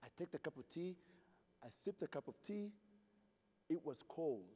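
A man's voice: a little high, animated, normal speed, dark tone, slightly rough. A man from Zaire giving a humorous storytelling keynote, playfully asking the audience questions, in a hotel ballroom at a convention. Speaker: keynote speaker. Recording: reverberant convention hall.

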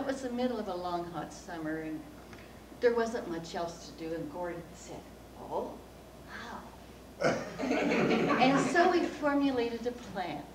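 A woman giving a speech at a speaking club, telling a childhood story in an animated way and acting out the quoted voices. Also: medium pitch. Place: meeting room of a speaking club. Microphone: distant recorder. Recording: roomy, distant room recording with background hum.

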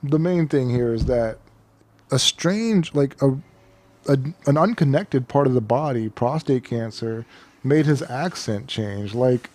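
A man's voice: medium pitch, expressive, a little slow, a little mellow. A man co-hosting a comedy podcast, reading a news item aloud and then joking about it in casual chat. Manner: reads news aloud, then jokes and laughs. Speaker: podcast co-host.

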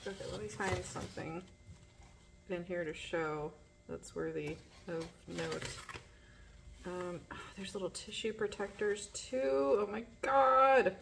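A woman's voice: on the low side, gravelly, background noise. A woman chatting casually while unboxing, gushing with breathless exclamations and laughter. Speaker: vlogger. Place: living in a garage.

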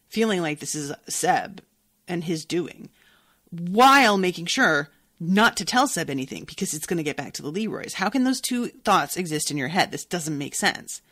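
A woman podcast host reading a novel aloud, breaking off into animated, profane reactions. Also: sits low, dry recording, clean studio sound.

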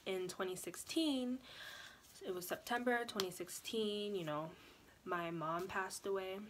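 A young woman vlogger telling a personal story in a chatty, animated way, full of "like" and "you know". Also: mid-range voice, slow, a little hiss or hum. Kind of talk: casual storytelling vlog.

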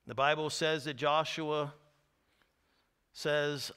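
A man preaching a sermon as pastor, telling the story with animated energy, acting out the screams and cries, then dropping to hushed tones at solemn points. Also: on the high side, normal speed, smooth.

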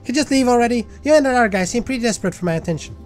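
A man's voice: extremely high pitch, lively intonation, rapid-fire, faint music behind, voice pushed up. A man reading out a grumpy, lazy plant creature from a game, snippy and dismissive.

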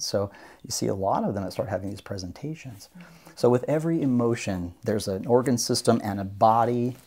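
A man's voice: on the low side, a little mellow. A man, a doctor of Oriental medicine, explaining his practice earnestly as a guest in a podcast interview. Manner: earnest, explanatory, acts out patients' voices.

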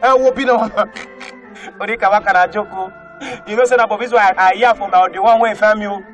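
A male comedian with a Nigerian Pidgin English accent, telling animated comic stories and often breaking into shouted put-on voices. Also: high-pitched, fairly quick. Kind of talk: stand-up comedy storytelling. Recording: faint music behind.

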